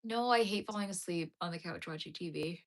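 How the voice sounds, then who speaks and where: A woman's voice: fairly low pitch, fairly quick. Sleepy woman rambling to her stream chat from home, lots of ums, yawning a lot. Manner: tired, rambling, yawning, many fillers. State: tired and yawning. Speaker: crochet streamer. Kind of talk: casual live-stream chat. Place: home, talking to a live chat.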